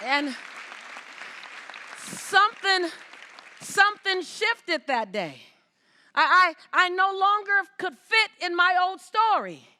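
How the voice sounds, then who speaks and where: Woman doing a motivational stage talk, bright forceful voice, emphatic, keeps calling out to the crowd. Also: extremely high pitch. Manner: emphatic, repeats words, calls out to the audience. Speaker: motivational speaker. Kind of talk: inspirational stage talk to a large audience.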